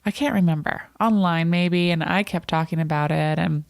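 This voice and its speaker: Lower-voiced female podcast co-host, matter-of-fact storyteller, dry sound. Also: moderate pace, creaky, no room sound. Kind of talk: casual couple's podcast chat.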